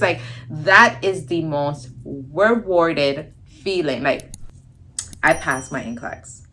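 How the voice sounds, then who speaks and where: A woman's voice: sits low, slight background noise. A young woman vlogger telling a personal story in a casual storytime style, acting out the dialogue. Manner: animated storytelling, acts out quoted dialogue.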